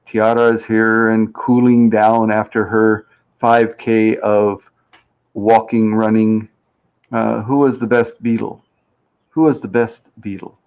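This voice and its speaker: Guy rambling on a live stream, reads chat out loud, kinda dull lo-fi audio. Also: fairly low pitch, flat delivery, slow, clear, resonant tone. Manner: chatty and rambling, reads chat aloud, plays with pronunciations. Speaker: game show host on a live stream.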